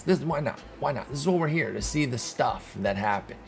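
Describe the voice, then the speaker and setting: A man giving casual, excitable commentary while playing a sports video game, talking to his viewers and mocking himself. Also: mid-range voice, fairly quick, gravelly. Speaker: gaming video host.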